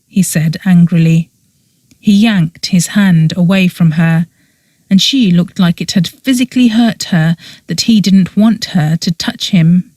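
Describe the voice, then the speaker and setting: Casting: woman audiobook narrator, unhurried, measured, dry close sound. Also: fairly low pitch, dark tone, no room sound. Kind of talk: scripted narration.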